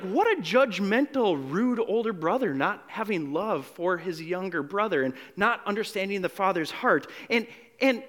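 A male pastor delivers a sermon in a fairly high voice that rises and falls widely. He acts out the voices in the passages he reads and swings from loud to hushed. He often stumbles and repeats a word before pressing on. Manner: repeats words when restarting.

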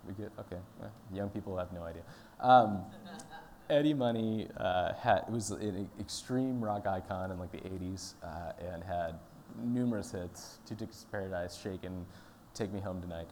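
A man with a deep, low voice delivers a sermon in an easygoing, conversational way. He tells stories and talks directly to the congregation. A faint hum of room noise sits under his voice. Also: moderate pace, darkish tone. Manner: conversational, storytelling. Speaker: pastor.

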